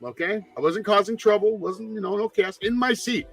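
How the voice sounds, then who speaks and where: A man co-hosting a casual podcast chat, telling profane stories that often rise to excited shouting. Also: high voice, fairly quick, creaky, soft background music. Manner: loud, profane storyteller, gets excited and shouty. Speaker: podcast co-host.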